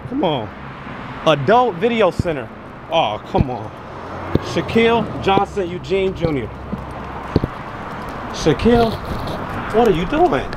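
A young man vlogs while walking the city streets, joking and teasing his dog in comedic banter. His voice is high-pitched and sing-song, slow with long pauses, and the recording is very noisy.

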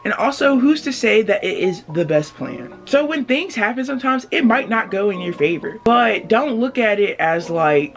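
A woman's voice: mid-range voice, animated, normal speed, few pauses, faint music behind. A woman vlogging from her bed, giving encouraging self-care advice to the camera and calling viewers babe. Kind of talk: casual advice talk to camera.

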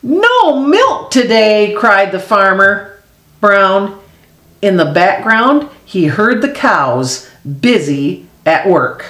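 A woman's voice: medium pitch, animated, slow, fairly bright tone. A woman reading a children's picture book aloud expressively, voicing animal sound effects. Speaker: storyteller. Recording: echoey room.

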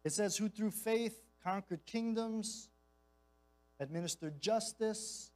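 A man's voice: sits high, slow pace, darkish tone, faint music behind, rough recording. A man preaching as a guest speaker in a church, mixing impassioned, conversational delivery with casual slang and repeated phrases. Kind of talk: sermon.

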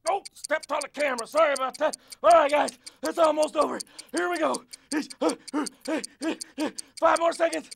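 A man acting as a coach, leading a one-minute exercise break with loud rallying calls and jokes. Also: very high-pitched, normal speed, gravelly. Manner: counts down and chants along while exercising. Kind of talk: energetic workout instruction.

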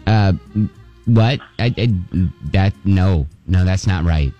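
A man's voice: sits low, slow pace, mellow, lo-fi sound, faint music behind. A man putting on a haughty male head of a French department on a prank call, with a condescending, stammering manner. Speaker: prank caller.

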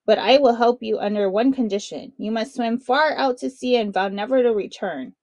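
Woman voicing sly young island boy, storybook hero, brightish pitch. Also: no echo, lightly acted. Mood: triumphant. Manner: sly and quick-witted.

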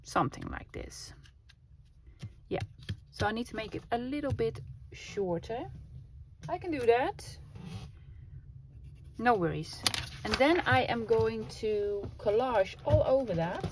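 A woman's voice: fairly high pitch, lively intonation, slow, pauses often, a little mellow. A woman chatting casually to her viewers and to herself while making a collage, laughing often. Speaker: craft vlogger. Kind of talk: casual crafting vlog chat. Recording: clear background noise with clicks.

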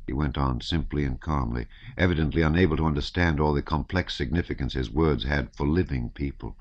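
A man narrating a classic novel as an audiobook in a measured, even reading. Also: a bass voice, dry recording. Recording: slightly dull, dry recording.

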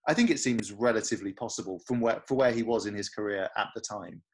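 Fast-talking chatty male podcast host. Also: lowish voice, breathy edge. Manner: fast, chatty, hedging with fillers. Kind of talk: casual chat.

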